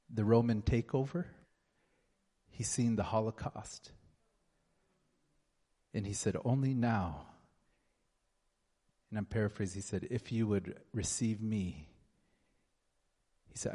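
A man preaching a sermon and praying, slow and earnest, often dropping to a softer tone. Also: fairly low pitch, breathy edge. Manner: slow, earnest, drops to soft tones. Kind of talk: sermon with prayer. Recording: long hall reverb.

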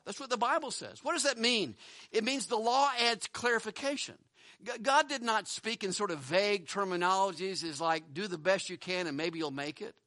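A man's voice: high-pitched, moderate pace, pushed and bright, no room sound. Male pastor, earnest sermon delivery, repeats words, close and dry sound. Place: church building.

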